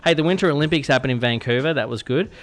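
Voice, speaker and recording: A man's voice: medium pitch, rapid-fire. A young Australian man hosting a casual radio show, chatty and self-deprecating, sometimes stumbling over his words. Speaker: radio host. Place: radio studio.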